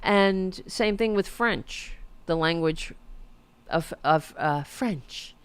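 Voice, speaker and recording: A woman's voice: fairly low pitch, takes it slowly, clean tone, dry recording. A woman hosting a podcast, giving casual political commentary in a sarcastic, mocking way and swearing freely. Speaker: podcast host.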